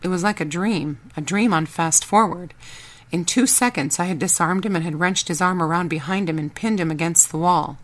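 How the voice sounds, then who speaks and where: A woman reading a first-person audiobook in a steady, measured storytelling voice. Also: lowish voice. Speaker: audiobook narrator.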